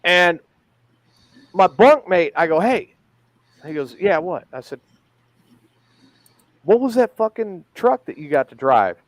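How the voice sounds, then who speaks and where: A man's voice: sits high, very animated, slow, long pauses, no echo, rough recording. A man in a casual chat, telling a crude story and quoting the dialogue back and forth.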